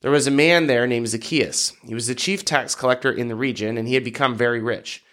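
Man reading scripture, measured. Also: mid-range voice, a bit bright. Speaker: podcast host reading scripture. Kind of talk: Bible reading aloud.

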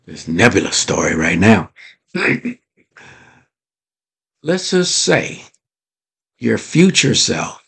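A male podcast host with a low, gravelly voice talks at an unhurried pace, stretching his words out. He speaks in a motivational monologue and keeps asking his listeners rhetorical questions. His tone is a little husky. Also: sing-song, fairly bright tone. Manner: drawn-out, deliberate delivery.

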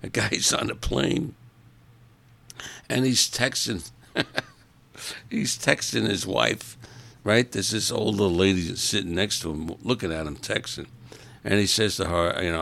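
A man's voice: deep voice, a little slow, vocal fry, long pauses, fairly bright tone. A man hosting a podcast, talking in a casual, rambling monologue, opinionated and grumbling. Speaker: podcast host.

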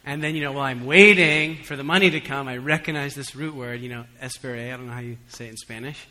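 This sermon comes from a male pastor who talks fast in a bright, forward voice of medium pitch. Humorous, relaxed storytelling gives way to emphatic appeals to the room and back, with a long reverb ringing through the church hall.

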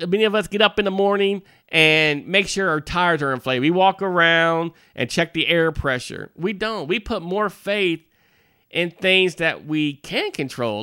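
A male minister with a bright, smooth, somewhat high voice gives a folksy devotional talk to parents. He speaks conversationally, often adding asides and restarting his sentences. The recording is dry and close. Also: no echo. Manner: conversational, with frequent "you know" asides and restarts.

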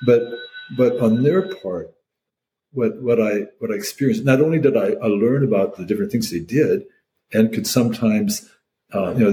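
A man's voice: fairly low pitch, dark tone, a little hiss or hum, low-quality recording. An older man, a priest, talking reflectively as an interview guest, with many restarts and fillers.

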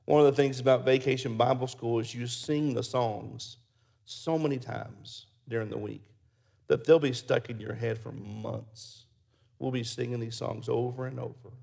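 A pastor preaches with a gravelly, creaky voice at an average male pitch. He tells folksy stories, then settles into quiet prayer. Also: fairly even intonation, normal speed. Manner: folksy storyteller, soft and prayerful at close. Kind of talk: sermon with storytelling.

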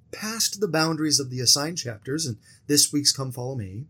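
A man's voice: fairly high pitch, pushed and bright, husky. A man teaching a scripture lesson in an earnest, storytelling manner, with acted quotes and personal anecdotes. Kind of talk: lesson presentation.

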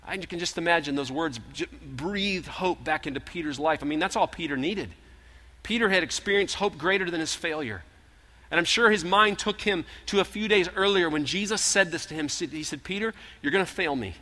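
A man preaching a sermon, retelling scripture in animated storytelling style and acting out the voices. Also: fairly high pitch, moderate pace. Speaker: pastor. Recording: long hall reverb.

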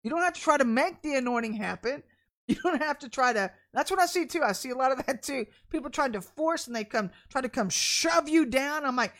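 A woman's voice: sits high, animated, a little fast, a bit bright. A woman preacher, telling a personal story in a candid, chatty sermon and laughing often. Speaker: deliverance minister.

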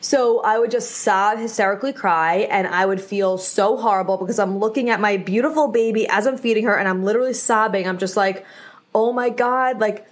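A young woman talks through her solo podcast in a loose, candid way. She fills her sentences with "like" and restarts, and she turns to her listeners to reassure them. Her pitch sits in an ordinary middle range. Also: a little fast, hardly any pauses. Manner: chatty, candid, many "like" fillers; addresses listeners directly, reassuring. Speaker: podcast host. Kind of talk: casual solo podcast talk.

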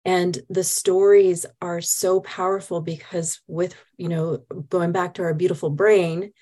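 Guest hypnotist, female, low voice, earnest and enthusiastic. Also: level tone, a little slow, dark tone. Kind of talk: casual chat.

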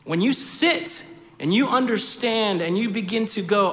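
A middle-aged man, preaching a sermon as pastor, swinging from hushed lines to loud emphatic ones. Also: high-pitched, measured pace. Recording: long hall reverb.

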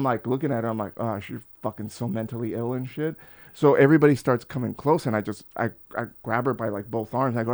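A man's voice: medium pitch, quick pace. A man in his forties, a podcast guest, telling stories casually, swearing often and acting out the voices of people in them. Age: 40s. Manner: animated, profane, acts out voices in his stories. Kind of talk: casual storytelling.

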